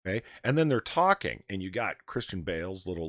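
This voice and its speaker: A man's voice: low-pitched, sing-song, brisk, hardly any pauses, dry recording, clean studio sound. A man hosting a casual livestream chat, ranting animatedly and swearing freely into his desk microphone. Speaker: podcast host.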